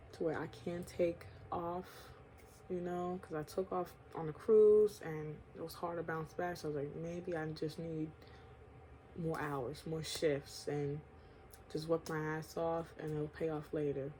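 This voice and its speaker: A woman from New York tells a personal story in a casual storytime vlog. She speaks slowly and candidly in slang, swears freely, and laughs between lines. A faint hiss of noise sits under her voice. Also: fairly low pitch, a little mellow. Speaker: vlogger.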